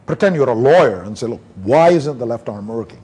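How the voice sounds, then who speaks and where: With a husky, mid-range voice and a slightly fast pace, a man from India gives a neurology conference talk. He tells case stories energetically and acts out the doctor-patient conversations.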